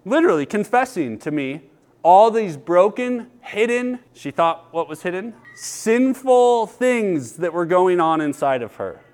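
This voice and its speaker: Thirties male pastor, high voice, earnest and animated in a sermon. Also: measured pace. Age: 30s. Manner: earnest, storytelling, lively with laughter. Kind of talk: sermon with personal stories.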